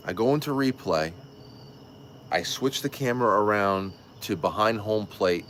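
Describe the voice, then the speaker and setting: A man with a very low voice hosts a casual livestream. He tells a rambling, excitable story full of restarts and cursing, and faint background hiss sits under him. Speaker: show host.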